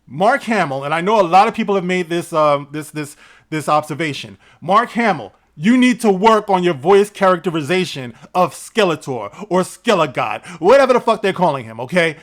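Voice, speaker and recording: High-voiced man ranting sarcastically. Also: expressive, moderate pace. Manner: sarcastic, profane, laughs often. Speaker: entertainment news vlogger. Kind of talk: ranting commentary.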